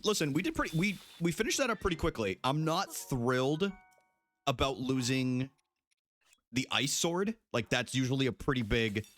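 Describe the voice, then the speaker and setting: A young adult man streaming a video game live, chatting casually with his viewers, joking and swearing as he plays. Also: medium pitch. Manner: animated, jokey, swears, talks to chat.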